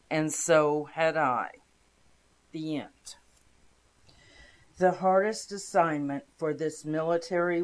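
This narrator reads first-person inspirational stories at an unhurried, deliberate pace. The delivery is calm and steady, with a voice sitting in an ordinary middle range. The tone is even and measured throughout. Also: medium pitch.

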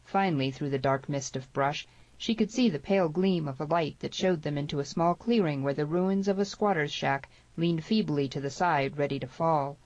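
A woman narrating a western novel in a measured, steady reading. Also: low voice, dry recording, highs cut off. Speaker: audiobook narrator. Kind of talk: scripted storybook narration.

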